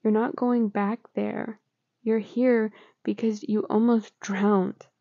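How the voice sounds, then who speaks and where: A woman's voice: mid-range voice, level tone, takes it slowly, dark tone, no echo, lo-fi sound. A woman reading as a tender teenage boyfriend.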